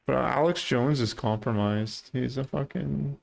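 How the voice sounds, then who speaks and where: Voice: mid-range voice, unhurried, gravelly. A livestreamer giving profane reaction commentary with crude, blunt interjections.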